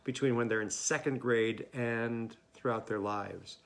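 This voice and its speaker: Male host, mid-pitched, hesitant, casual intro. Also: measured pace, gravelly. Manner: hesitant, many fillers.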